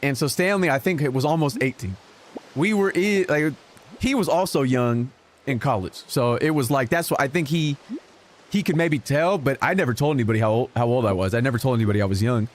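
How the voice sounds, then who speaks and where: A young man streaming a game, telling a rambling story in casual chat, often stopping and restarting his sentences and getting more animated as he goes. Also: medium pitch, fairly quick. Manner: animated, rambling, self-interrupting. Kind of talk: casual storytelling while gaming. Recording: music playing in the background.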